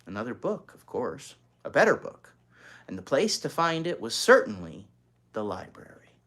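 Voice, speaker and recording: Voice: medium pitch, sing-song, moderate pace, fairly bright tone. A reader narrating a children's chapter book aloud, adding chatty asides to young listeners. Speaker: storybook reader.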